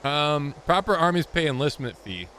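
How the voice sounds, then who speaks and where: Young male streamer, crude jokes, bright forceful voice, pitched a little high. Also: very animated, moderate pace, a little hiss or hum. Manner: joking, crude, rambling. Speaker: game streamer. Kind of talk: live gameplay commentary.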